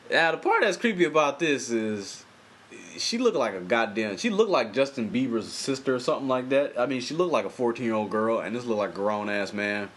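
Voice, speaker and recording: A man's voice: mid-range voice, expressive, fairly quick, slight background noise. A young man casually recapping a TV episode in loose, profane, rambling commentary full of slang. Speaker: TV episode reviewer.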